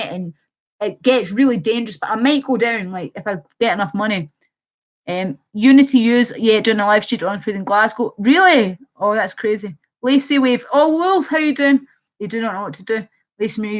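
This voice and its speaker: A woman's voice: fairly high pitch, a bit bright. A young woman livestreaming, reading chat comments and rambling in an impassioned way, swearing casually.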